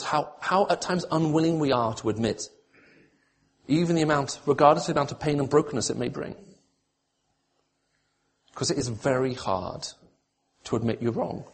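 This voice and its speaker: A man's voice: on the high side, husky. A man preaching a sermon, pleading with emotion when voicing God's appeals and turning to dry, self-mocking humour.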